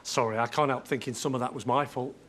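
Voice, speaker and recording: An actor playing a bumbling, eager young extra who talks in a chirpy, apologetic way in a sitcom. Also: male voice, mid-range voice, fairly even intonation, fast talker, fairly bright tone, slight background noise, natural voice. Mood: earnest. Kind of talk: sitcom acting.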